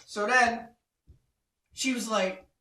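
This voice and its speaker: A man's voice: very high-pitched, steady tone, slow pace, pushed and bright. A man in his thirties telling a personal story in a casual, profane, slang-heavy way. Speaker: storyteller host. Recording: echoey room, mic at a distance.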